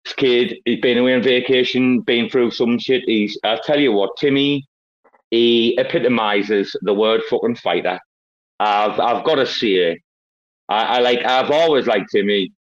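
A man's voice: mid-range voice, a little slow, highs cut off. A man hosting a casual online chat, boisterous and rambling, with heavy swearing. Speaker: host.

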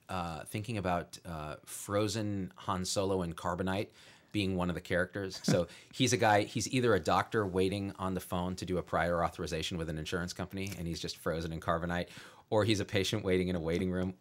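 A man being interviewed as a guest, telling funny stories in an animated, jokey way and laughing along. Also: deep voice. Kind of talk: comedic storytelling in an interview.

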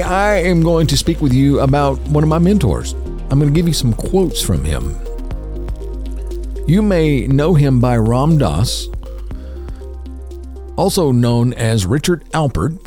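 A man hosting a podcast, calmly reading spiritual quotes and explaining each one. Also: medium pitch, no echo, studio quality. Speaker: podcast host.

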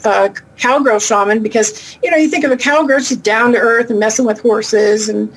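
A middle-aged woman being interviewed on a call, easygoing and talkative. Her voice sits a little high. There is a faint hiss of noise behind her. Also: low-quality recording. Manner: chatty, down-to-earth, quick asides. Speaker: guest, animal intuitive and shaman. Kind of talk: casual interview talk. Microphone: remote call.

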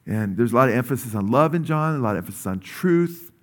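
A middle-aged male pastor giving a sermon in a conversational style, often asking "amen?" and rising in pitch and energy when he urges his listeners. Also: animated, fast. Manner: conversational, with many asides and "amen?" checks; rises in pitch and energy when urging the congregation.

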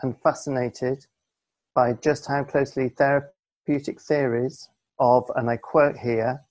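A man's voice: mid-range voice, level tone, measured pace, a little mellow. A man co-hosting a podcast from home over a video call, with casual banter in a dry, self-mocking, mock-pompous manner. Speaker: podcast co-host.

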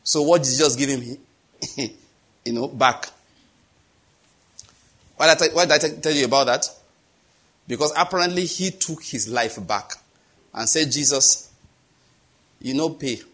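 A man's voice: mid-range voice, unhurried, pauses often, fairly bright tone. A middle-aged man with a Nigerian accent preaching a sermon, telling stories, acting out the dialogue and laughing at his own jokes. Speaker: pastor.

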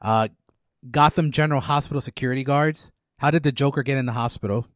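Man, podcast host, mid pitch, dry close sound, casual, moves the talk along. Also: fast talker, dry recording. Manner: runs the segments, calls on others. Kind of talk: casual movie discussion.

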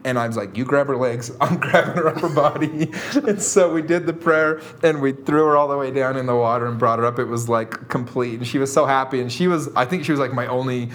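A man telling a funny story as a podcast guest, animated and laughing often. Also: medium pitch, fairly quick. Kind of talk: casual storytelling.

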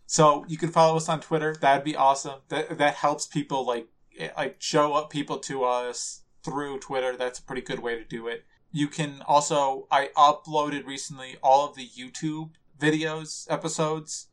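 A man's voice: a little high, flat delivery, fairly bright tone. A man co-hosting a podcast in casual chat, laughing often, teasing his partner, and restarting his sentences. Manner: giggly, teasing, halting restarts. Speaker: podcast co-host.

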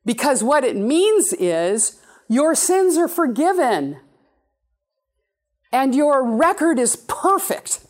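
A woman preaching a sermon in an animated, playful way, with sudden high exclamations. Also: takes it slowly. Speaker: speaker giving a talk.

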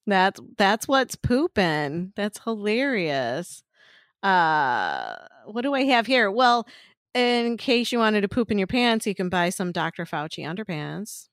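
A woman's voice: medium pitch, very animated, slow, no echo, clean studio sound. A woman co-hosting a podcast in casual chat, rambling and swearing with frequent laughs. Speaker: podcast co-host.

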